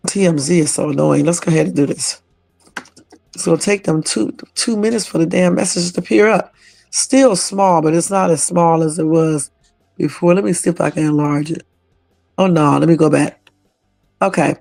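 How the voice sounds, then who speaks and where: A man hosts a casual livestream reaction at his desktop computer. His voice sits a little high with a gravelly rasp, and he talks loosely and swears freely. The sound is dry and close. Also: normal speed, a little mellow, dry recording, soft background music. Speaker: livestream host.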